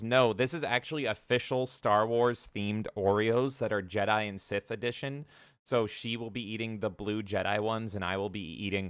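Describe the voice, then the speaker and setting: A man's voice: fairly low pitch, a bit bright, smooth, dry recording, clean studio sound. A man co-hosting a gaming podcast in casual chat, jokingly reading out live chat comments. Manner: chatty, jokey, reads chat comments aloud. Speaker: podcast co-host.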